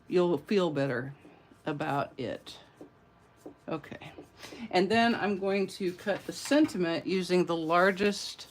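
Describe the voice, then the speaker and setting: A woman's voice: lowish voice, a little hiss or hum. A woman demonstrating card-making in a casual, chatty tutorial, greeting her viewers and drifting into side stories. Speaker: papercraft demonstrator.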